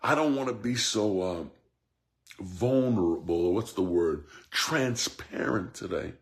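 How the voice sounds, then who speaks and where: A male preacher with a gravelly, creaky voice delivers a fervent sermon. He swings from shouted peaks to near-whispers, repeats his refrain and calls out to listeners by name. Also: lowish voice, animated, measured pace. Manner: fervent, swings between shouting and hushed tones. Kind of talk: impassioned sermon.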